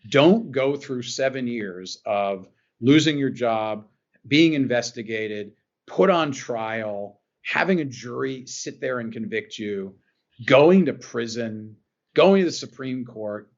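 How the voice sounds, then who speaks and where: A man's voice: medium pitch, lively intonation, unhurried, highs cut off. Earnest man telling a personal story. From New Jersey. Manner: earnest, repeats phrases, restarts sentences. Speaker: podcast guest. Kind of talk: emotional personal storytelling in an interview.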